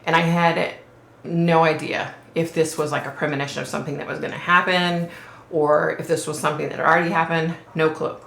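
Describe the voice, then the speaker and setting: A woman's voice: low-pitched, little pitch movement, a little fast, creaky, a bit bright. A woman vlogger recounting a psychic vision in a casual, rambling way, often saying "like" and checking in with "okay?". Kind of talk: casual storytelling to camera. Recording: roomy echo.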